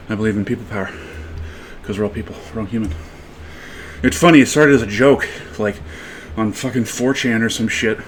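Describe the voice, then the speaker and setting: A man's voice: medium pitch, a little hiss or hum. Profane man rambling mid-workout. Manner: loose, profane storytelling. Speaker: fitness vlogger. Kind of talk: casual rambling monologue during workout.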